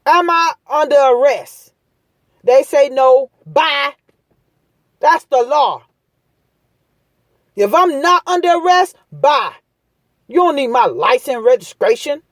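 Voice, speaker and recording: A woman with a somewhat high voice rants to her viewers in a blunt, street-talking way. She drives each point home by repeating it. The sound is dry and close, with no room around it. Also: sing-song, slow, long pauses, no echo. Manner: emphatic, preachy, repeats points. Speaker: vlogger giving advice. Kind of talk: casual impassioned monologue.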